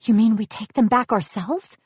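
A woman voicing an earnest, hopeful young heroine in a storybook reading, talking eagerly and apologizing quickly. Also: on the high side, darkish tone, husky, no room sound. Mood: worried, wondering.

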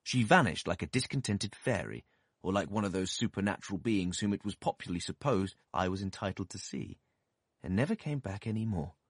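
A man narrating a classic novel as an audiobook, in an expressive, measured storytelling manner. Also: low voice, husky, no room sound, studio quality.

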